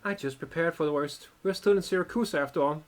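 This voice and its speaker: A man reading the lines of a reserved, terse young woman courier in a game, in his own voice with a flat delivery. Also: a little high, quick pace, natural voice. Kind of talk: reading game dialogue aloud.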